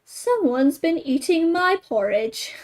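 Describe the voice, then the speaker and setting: Woman voicing a mild mama bear for a storybook, high and unhurried. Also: animated. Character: calm middle-sized mama bear.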